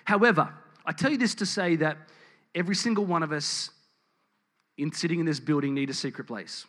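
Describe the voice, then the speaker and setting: Man, church sermon, candid storytelling, fillers and restarts, slightly high voice. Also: fairly quick, fairly bright tone. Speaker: church preacher and teacher. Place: church building with congregation.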